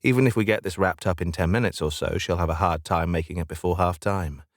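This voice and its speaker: Deep-voiced man narrating an audiobook. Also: fast, no room sound, studio quality. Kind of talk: first-person audiobook narration.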